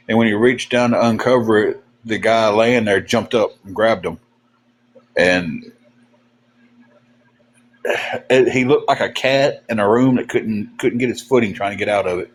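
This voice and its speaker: A man's voice: lowish voice, fairly even intonation, normal speed, pauses often, a little hiss or hum, poor audio. A man hosting a livestream, telling rambling, folksy stories to his chat with many fillers and restarts. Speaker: livestream host. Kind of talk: casual storytelling to live chat.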